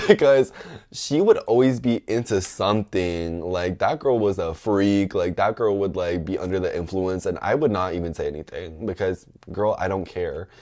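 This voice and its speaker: A young man telling a story in a casual chat, sassy and dramatic, laughing often and full of fillers. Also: moderate pace. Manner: animated, laughing, mimics others in high-pitched voices. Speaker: podcast host telling a story.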